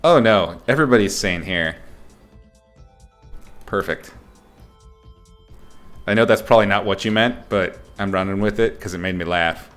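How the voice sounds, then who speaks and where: A man's voice: fairly low pitch, moderate pace, pauses often, a bit bright, soft background music. A man teaching art on a livestream in a casual, playful way, joking and swearing as he rambles. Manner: rambling, with fillers and restarts. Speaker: art instructor streaming.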